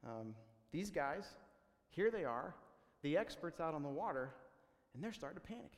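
A pastor preaches conversationally at a normal speed, his voice a little high for a man. He stumbles through fillers and restarts in an easygoing, talky way before rising into animated, urgent, excited exclamations, all ringing with the long reverb of a large hall.

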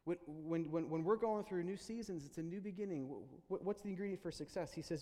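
A man preaching a sermon as pastor, earnest and halting, often restarting his words. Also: fairly high pitch, dark tone, in a large hall.

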